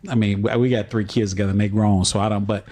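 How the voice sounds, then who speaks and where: A middle-aged man chatting casually and profanely about his own life, heard in a played-back clip. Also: quick pace. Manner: casual and profane, with a very lively pitch. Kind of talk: casual chat. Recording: played-back clip with clear background noise.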